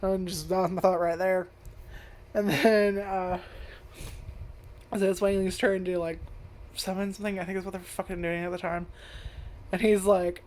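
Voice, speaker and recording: A woman's voice: medium pitch, normal speed, pauses often, darkish tone. A woman reviewing an anime casually, rambling, swearing a lot and laughing often. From United States.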